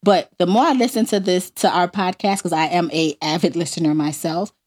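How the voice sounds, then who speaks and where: A woman's voice: lowish voice, fairly even intonation, fairly quick, darkish tone. A woman from Harlem with a thick New York accent, co-hosting a podcast and ranting emphatically in casual chat. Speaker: podcast co-host.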